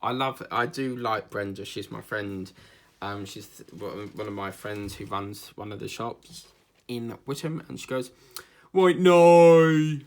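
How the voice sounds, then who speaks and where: Gravelly-voiced man chatting casually. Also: fairly low pitch, measured pace, a bit bright. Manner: chatty, digressive, jokey, with many fillers. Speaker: craft channel host. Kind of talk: casual rambling chat while crafting.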